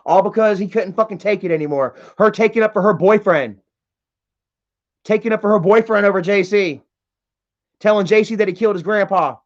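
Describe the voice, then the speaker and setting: A man with a high voice rants on a livestream from home, heated and profane as he reads out chat messages. The sound is dull and lo-fi, like typical stream audio. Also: brisk. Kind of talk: casual livestream rant.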